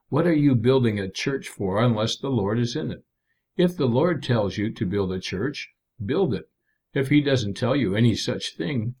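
A man preaching a sermon in an earnest, measured way, with emphatic asides to the congregation. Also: medium pitch, a little mellow.

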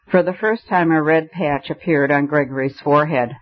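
A man's voice: fairly high pitch, normal speed, few pauses. Man narrating an old novel. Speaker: audiobook narrator. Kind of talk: scripted narration. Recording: dull lo-fi recording.

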